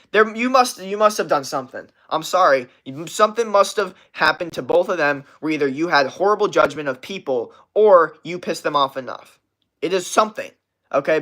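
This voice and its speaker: A young man with a slightly high voice, hosting a live stream. He rants in a loose, rambling way, swears often and leans on filler words. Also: fairly bright tone. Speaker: livestream host and health coach. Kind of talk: casual livestream rant.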